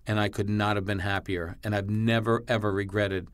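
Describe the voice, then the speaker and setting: A male comedian guesting on a podcast, telling a story with blunt, animated delivery, acting out both sides of the dialogue and swearing freely. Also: on the low side, brisk, clear, resonant tone.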